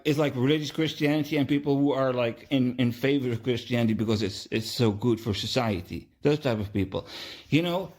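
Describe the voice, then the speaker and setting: Man, podcast host, preachy, emphatic, repeats himself, medium pitch. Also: a little mellow. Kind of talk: religious political monologue.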